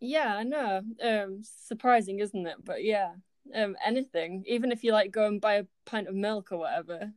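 A woman's voice: mid-range voice, moderate pace, dry recording, studio quality. A woman in her twenties from Yorkshire, a student chatting as an interview guest, with frequent ums and easy laughter. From Yorkshire, England. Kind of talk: casual interview chat.

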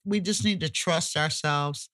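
A woman co-hosting a podcast, talking emphatically and colloquially, sometimes cussing, her pitch jumping high when she gets worked up. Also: a little slow, a bit bright. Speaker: podcast co-host. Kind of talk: casual podcast chat.

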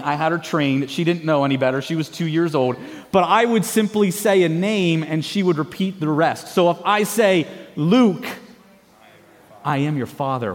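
A man in his thirties, a pastor preaching a sermon and leading the congregation in playful call-and-response. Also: a little high. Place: church sanctuary. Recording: long hall reverb of a church.

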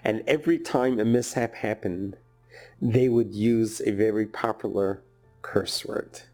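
Storytelling rabbi, man, soft music behind. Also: fairly low pitch, a little slow. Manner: lively storyteller, acts out quoted voices. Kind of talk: storytelling sermon.

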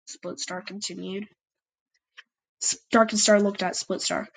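A woman's voice: mid-range voice, fairly even intonation, unhurried, poor audio. A woman narrating an amateur fan story and chatting to listeners, hesitant and full of fillers. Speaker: storyteller and channel host.

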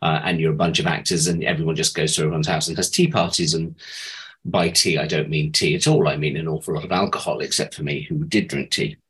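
A man's voice: a bass voice, fairly even intonation, fast talker, fairly bright tone, low-quality recording. A middle-aged man, a former child actor, telling amused anecdotes about his acting days in a chatty interview.

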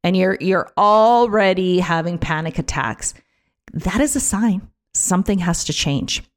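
A woman talking casually on her own podcast, chatty and animated, with many fillers and restarts, sometimes acting out other people's voices. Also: fairly low pitch, unhurried. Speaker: podcast host. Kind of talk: casual solo podcast talk.

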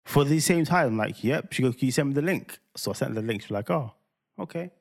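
A man co-hosting a casual podcast chat. He tells stories in a relaxed, confident way and drops his voice low for quoted lines. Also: fast talker, gravelly. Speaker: podcast co-host.

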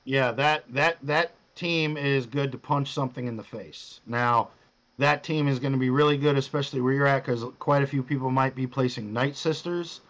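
A man's voice: mid-range voice, a bit bright, low-quality recording. A man hosting a podcast, casually coaching a guest through his game with loose, profane instructions. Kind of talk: casual chat.

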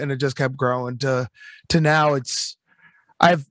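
A man's voice: mid-range voice, steady tone, a little slow, fairly bright tone, no echo, clean studio sound. A man telling stories as a guest in a casual podcast chat, laid-back and joking.

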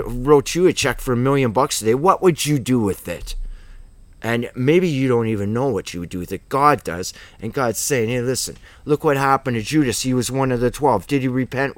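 A man's voice: mid-range voice, a little fast, no echo. A man teaching a Bible study in an informal, rambling, emphatic way, full of asides and rhetorical questions.

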